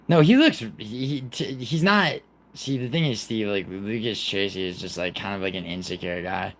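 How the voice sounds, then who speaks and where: A man's voice: fairly low pitch, lively intonation, moderate pace. Profane, rambling young man streaming live. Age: 20s. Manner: rambling, profane, reads and answers chat. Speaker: livestream host. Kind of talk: casual livestream chat.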